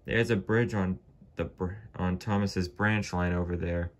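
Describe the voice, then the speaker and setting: A man's voice: low-pitched, steady tone, unhurried. A man doing a kindly, fretful old toy engine. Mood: concerned. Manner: cautious, fretful warnings.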